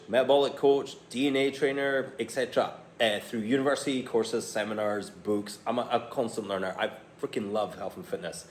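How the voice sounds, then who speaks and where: A man in his forties, a personal trainer, talking candidly and bluntly to camera while reading from his phone, swearing casually. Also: mid-range voice. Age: 40s. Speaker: personal trainer and health coach. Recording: echoey room with faint ambient noise.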